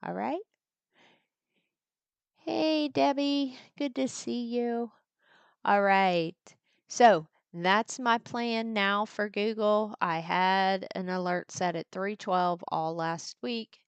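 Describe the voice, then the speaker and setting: A woman walks through trade setups on a live stream in an unhurried, gravelly voice. Her low tone comes across smooth and crisp, recorded close and dry with no room sound. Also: dry recording. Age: older. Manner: chatty, breaks off to talk with her granddaughter. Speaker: trading educator hosting a live stream. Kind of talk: casual live market walkthrough. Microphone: desktop mic at a computer, screen sharing.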